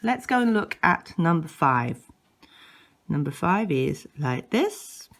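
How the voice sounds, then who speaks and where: A woman language teacher speaks at a very slow, careful pace. Her slightly low voice swoops widely as she exaggerates tones and models each word for learners to repeat. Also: sing-song. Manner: exaggerates rising and falling tones. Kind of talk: online language lesson.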